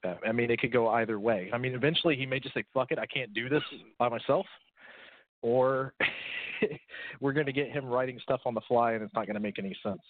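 A man's voice: medium pitch, fairly quick, no room sound. Laid-back man on a phone-like line. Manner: laid-back, laughs often, swears. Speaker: podcast co-host. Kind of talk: casual podcast chat. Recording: tinny phone-like line, dry.

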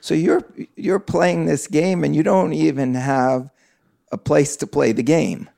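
A man's voice: a little high, measured pace, gravelly, mellow, dry recording, clean studio sound. A man interviewing a guest, asking curious follow-up questions. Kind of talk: conversational interview.

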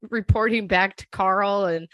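A woman's voice: mid-range voice, steady tone, unhurried, a bit bright, no echo, clean studio sound. A woman co-hosting a casual chat about reality TV, sarcastic and dramatic, swearing as she talks. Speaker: podcast co-host.

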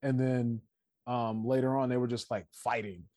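A man's voice: medium pitch, fairly even intonation, normal speed, mellow, no echo, studio quality. A man in casual chat, animatedly retelling a story, acting out quotes and swearing freely between laughs.

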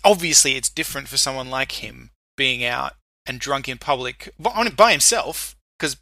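Bright-voiced joking male co-host. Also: mid-range voice, expressive, moderate pace, creaky, dry recording. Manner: joking, laughs often. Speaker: podcast co-host. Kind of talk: casual chat.

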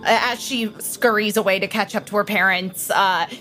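A woman's voice: mid-range voice, moderate pace, music in the background. A woman playing a tabletop role-playing game, narrating her character's actions casually. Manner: relaxed, hesitant narration with fillers. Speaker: player. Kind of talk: casual actual-play narration.

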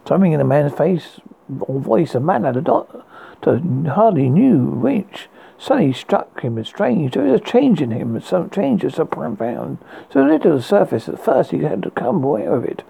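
A man reads a ghost story aloud, stumbling and restarting now and then. His voice is gravelly, dark and husky. His pitch rises and falls a lot as he goes. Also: big pitch swings, moderate pace, rough recording. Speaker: story reader.

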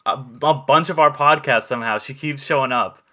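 Male podcast co-host, crisp bright tone, quick and chatty. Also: mid-range voice. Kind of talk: casual movie review chat.

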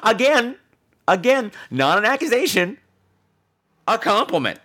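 A man's voice: high voice, very animated, a little slow, pushed and bright. A man hosting a podcast, answering voicemails in a campy, sassy and theatrical way, swearing playfully. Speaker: podcast host.

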